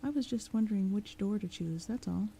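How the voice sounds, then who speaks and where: A woman reading aloud, voicing a polite, curious teenage heroine, in a soft-spoken audiobook style. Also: medium pitch, a little fast, vocal fry, a little hiss or hum, natural voice.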